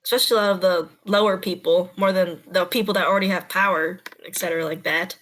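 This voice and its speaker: A woman voicing a calm adult male townsman in a tabletop game, speaking in a measured, reassuring way. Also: fairly low pitch.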